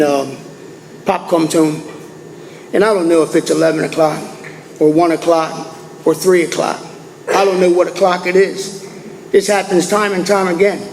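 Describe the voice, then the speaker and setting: Older man with a high voice, telling a story in an echoey hall. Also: gravelly, a little hiss or hum. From Maryland, USA. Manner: plainspoken, folksy, repeats himself. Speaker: AA speaker. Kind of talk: storytelling recovery talk. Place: meeting hall. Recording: echoey hall with faint ambience.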